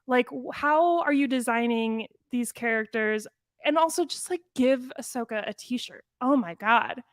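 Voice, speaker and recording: A woman co-hosting a podcast, reviewing a cartoon episode in casual chat, animated and quick, full of "like". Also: on the high side, dry recording. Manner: animated, quick bursts, frequent "like". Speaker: podcast co-host.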